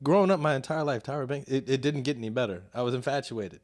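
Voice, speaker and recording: A man from Chicago, a comedian guest, telling stories in a casual podcast chat with sudden loud bursts. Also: mid-range voice, fast. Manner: animated, profane storytelling with sudden loud bursts.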